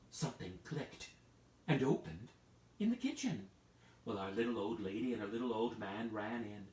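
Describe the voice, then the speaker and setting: Over a video call, a man with a medium-pitched voice tells a children's story live online, talking a little fast. He's playful and lively, prompting listeners to act along with hand-play cues. The sound is roomy, as if he sits far from the mic.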